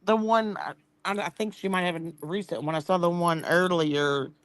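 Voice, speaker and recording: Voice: medium pitch, moderate pace, a bit bright, dry recording. A panel guest on a livestream, chatting casually in a rambling way with many fillers. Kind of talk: casual chat.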